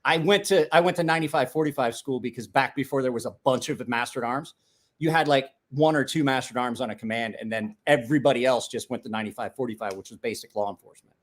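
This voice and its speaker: A man's voice: medium pitch, quick pace. A man in his forties, a podcast host telling stories in casual chat, rambling and profane, with restarts.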